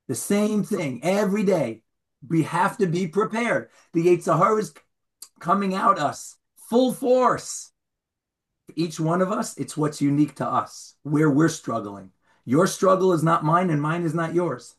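A man teaching a Torah class as rabbi, informal and animated, acting out stories and raising his voice for the punchlines. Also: on the high side, unhurried. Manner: animated storyteller, shouts when acting out scenes.

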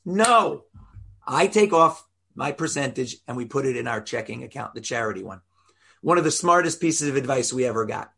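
A man's voice: medium pitch, expressive, brisk, vocal fry, a bit bright, husky. A rabbi teaching an informal Torah class, explaining step by step and quizzing his listeners in a conversational way.

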